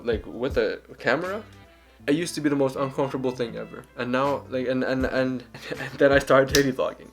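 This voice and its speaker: Young male vlogger, gravelly, loose and joking, faint music bed. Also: mid-range voice. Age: young adult. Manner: candid, joking, rambling. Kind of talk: casual Q and A vlog.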